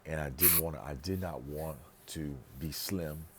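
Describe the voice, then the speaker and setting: A man's voice: extremely low pitch, unhurried, slight background noise. A man vlogging in a casual monologue, emphatic and rambling, repeating phrases for stress. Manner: rambling, with restarts and asides. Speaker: pastor and vlogger.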